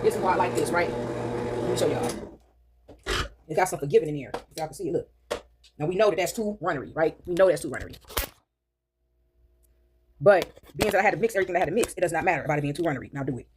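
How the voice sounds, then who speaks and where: A woman's voice: deep voice, animated, fast, pauses often. A middle-aged woman vlogging casually while baking in her kitchen, chatting to viewers and asking "right?" often. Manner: chatty, addresses viewers as y'all, frequent tag questions. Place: home kitchen. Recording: loud background noise.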